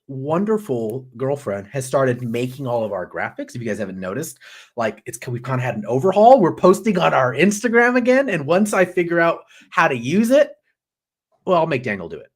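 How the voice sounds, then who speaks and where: Animated, jokey male host. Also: mid-range voice. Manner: animated, jokey, swears casually. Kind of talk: live pop culture news chat.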